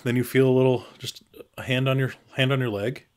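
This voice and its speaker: A man's voice: mid-range voice, flat delivery, fairly quick, clear, resonant tone. A man on a casual podcast, teasing and crude, swearing freely. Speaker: podcast co-host.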